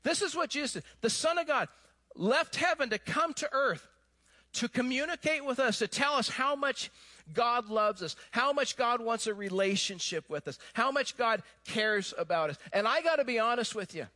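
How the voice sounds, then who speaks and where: A man preaching a sermon, telling a story with animated emphasis that drops to hushed, low tones. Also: moderate pace. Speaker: pastor.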